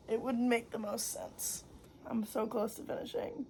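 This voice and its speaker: This young book vlogger has a high-ish, creaky, slightly mellow voice and is very animated yet unhurried. She chats and reads in her bedroom, giggly and dramatic, recorded from a distance over music with slight background noise.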